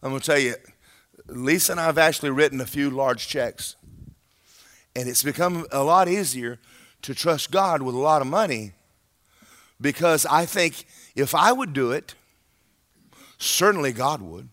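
A man preaching a sermon in an animated, conversational way, speaking emphatically and often checking in with his listeners. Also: fairly high pitch, normal speed, pauses often.

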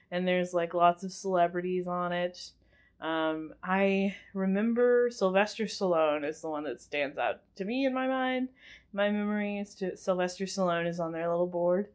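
A young woman casually recapping a film as a podcast host, chatty and giggly, rambling with lots of fillers. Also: mid-range voice. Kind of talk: casual chat.

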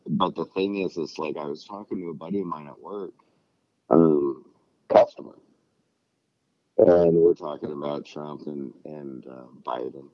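Man, very low voice, dry and dull sound, rambling, swears a lot, casual chat. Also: dry recording. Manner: rambling, swears freely, acts out quotes.

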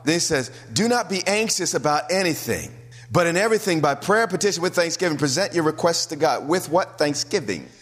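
A man preaching a sermon as pastor, animated and full of rhetorical questions to the congregation. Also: on the high side, brisk. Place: church hall. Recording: long hall reverb.

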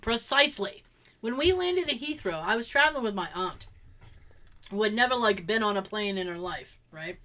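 A woman's voice: mid-range voice, normal speed. A woman telling a story in casual chat, acting out the voices of the people in it and laughing often. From Belgium. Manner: animated, acts out quotes, laughs often.

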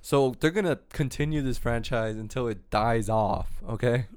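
A young man co-hosting a laid-back podcast, rambling on and often losing track of what he was saying. His voice is smooth and clear at an ordinary pitch. The recording is dry and close. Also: normal speed, no echo. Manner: rambling, loses his train of thought. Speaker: podcast co-host. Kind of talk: casual chat.

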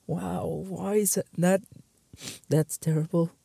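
A man's voice: a little high, creaky, mellow, husky, no room sound. A man hosting his own show, reading out jokes one by one and trying hard not to laugh, muttering and stifling giggles between them. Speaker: host.

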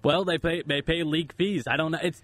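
A man's voice: a little high, fairly even intonation, a little fast, fairly bright tone, dry recording. A man chatting as a co-host on a radio talk show, casual and a bit hesitant, rambling as he talks. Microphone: studio microphone.

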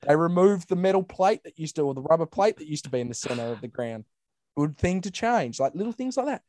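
A man's voice: fairly high pitch, expressive, a little fast, darkish tone, dry recording, clean studio sound. An Australian man in casual podcast chat, ranting bluntly with swearing and mimicking others. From Western Australia.

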